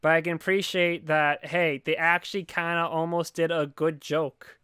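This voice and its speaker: A man's voice: a little high, flat delivery, normal speed, sharp tone, smooth, dry recording, studio quality. A man co-hosting a podcast, chatting casually and sarcastically about a movie, rambling and swearing. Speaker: podcast co-host. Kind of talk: casual movie review chat.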